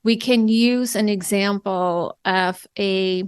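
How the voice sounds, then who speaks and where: A woman hosts an interview podcast, asking slow and careful questions. Her voice is smooth and clear, and it was recorded dry and close, with no room echo. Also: mid-range voice, steady tone.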